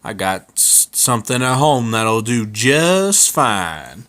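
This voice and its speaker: Casting: man playing a slow-drawling, cursing redneck husband for a comic story. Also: medium pitch, sing-song, fairly bright tone. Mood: gruff. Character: crude redneck husband, foul-mouthed and hotheaded.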